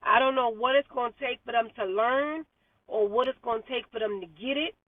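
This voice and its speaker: A woman's voice: fairly high pitch, fairly quick, no room sound, distant mic. A woman chatting animatedly on a car vlog, repeating herself and laughing often. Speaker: vlogger. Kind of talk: casual car vlog chat. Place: car in traffic. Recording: tinny phone-like sound from off mic.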